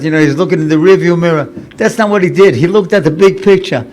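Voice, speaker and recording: A man's voice: on the high side, fast, hardly any pauses, darkish tone. A man in his seventies, a rabbi giving an inspirational sermon in an earnest, conversational way, often repeating phrases for emphasis. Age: 70s. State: recovering from paralysis, slightly impaired speech. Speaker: rabbi and lecturer.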